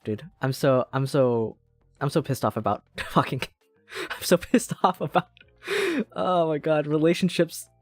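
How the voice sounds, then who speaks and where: A game streamer chatting casually while playing, rambling through tangents and swearing freely. The voice rises and falls in lively swings. It sits dry and close to the mic, with faint game music behind. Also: medium pitch, dry recording. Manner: rambling, profane, self-interrupting.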